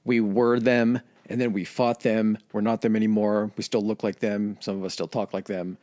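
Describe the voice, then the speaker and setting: A man's voice: fairly low pitch, level tone, normal speed, a little mellow, dry recording, lightly acted. A man voicing a flustered male American envoy who stammers and backpedals.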